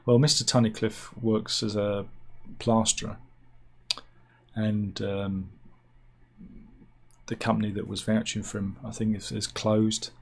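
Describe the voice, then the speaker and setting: A man hosting a satirical news vlog, reading out stories with wry, deadpan asides and mock outrage. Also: on the low side, a little slow, creaky, long pauses, breathy edge. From United Kingdom. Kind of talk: offhand comic news chat.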